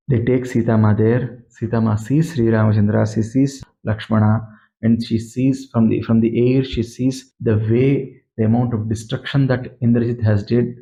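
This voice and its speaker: Mellow man retelling scripture. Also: mid-range voice, poor audio. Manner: earnest, plain-spoken, repeats for emphasis. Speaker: scripture storyteller. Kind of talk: explanatory retelling of an epic.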